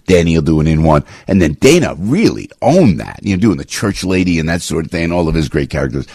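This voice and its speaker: An older man hosting a morning talk radio show, telling rambling, emphatic stories that climb high when he gets worked up, on a close studio mic. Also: darkish tone, breathy edge, dry recording. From New Jersey.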